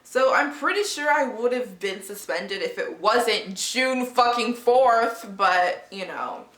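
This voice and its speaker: A woman's voice: on the high side, slow pace, a bit bright. A woman vlogger telling a story in a casual, dramatic way, swearing freely. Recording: echoey room, faint music.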